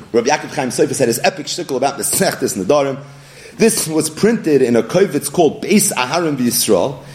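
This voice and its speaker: A man giving a Talmud study lecture, animatedly posing questions and then answering them himself. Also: fairly high pitch. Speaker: Talmud teacher.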